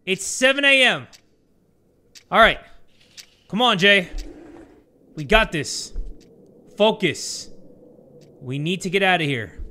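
A young man giving jokey, excitable let's play commentary on a horror game, swearing and talking to his viewers. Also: high-pitched, takes it slowly, long pauses. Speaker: gaming YouTuber.

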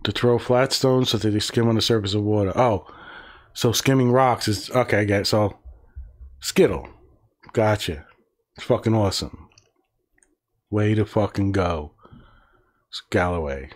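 A man's voice: on the low side, measured pace, pauses often. A man hosting a casual livestream, reading words aloud and reacting with profane, sarcastic, muttered asides. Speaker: livestream host.

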